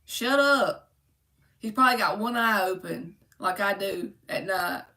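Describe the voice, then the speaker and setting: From a room at home, a woman gives a casual live-stream tarot reading, chatting, joking and calling her viewers by name. She sounds far from the mic, with a mid-range voice, normal speed and a sharp tone.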